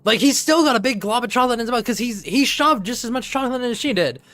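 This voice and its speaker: A parent telling an animated story in casual chat, laughing often. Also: mid-range voice, quick pace.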